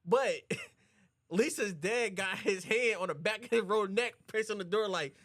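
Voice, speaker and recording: Animated man retelling a movie plot. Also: normal speed, no room sound. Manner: animated, acts out characters' lines in a high voice. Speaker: podcast co-host. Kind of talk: casual movie recap.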